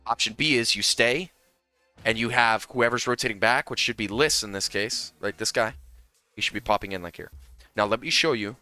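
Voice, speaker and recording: A man's voice: fairly low pitch, bright, forceful tone. A young man coaching a video game in a casual, heated breakdown, swearing freely and restarting his sentences often.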